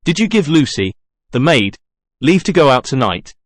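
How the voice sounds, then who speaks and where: A man reading the part of an anxious young woman who speaks slowly and gently. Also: mid-range voice, very animated, no room sound, clean studio sound. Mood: worried.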